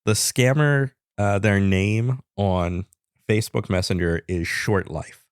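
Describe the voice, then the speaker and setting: Deep-voiced, matter-of-fact male co-host. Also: takes it slowly, clear, resonant tone, no room sound. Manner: dry, matter-of-fact storytelling. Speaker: podcast co-host. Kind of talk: casual podcast banter.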